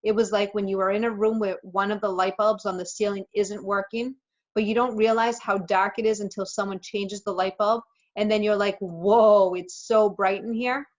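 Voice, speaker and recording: A woman teacher reading a children's novel aloud to her class in a steady storytelling voice. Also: mid-range voice, brisk. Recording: slightly muffled recording.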